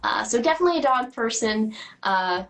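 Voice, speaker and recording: A woman's voice: a little high, expressive, brisk, low-quality recording. A teenage girl, a guest actress, answering interview questions chattily with lots of fillers and giggles.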